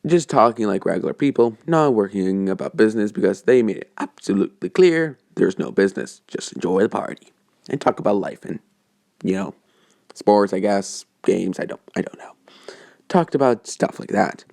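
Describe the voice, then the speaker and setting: A man's voice: on the low side, animated, moderate pace, vocal fry, darkish tone, no echo, studio quality. A man casually making up a fan story as he goes, rambling and hesitant, full of fillers and self-corrections.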